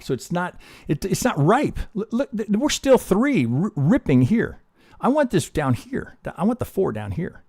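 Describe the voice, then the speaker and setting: Pitched high with big swings, this male trading educator speaks at normal speed in a creaky, slightly mellow and slightly rough voice. Streaming live, he reviews charts casually and profanely, posing rhetorical questions to himself.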